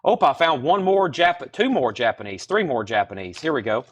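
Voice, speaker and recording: A man's voice: medium pitch, lively intonation, moderate pace, a bit bright. A man hosting a live-streamed vinyl sale from a record store, chatting casually and rattling off titles and prices. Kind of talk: live-stream sales patter.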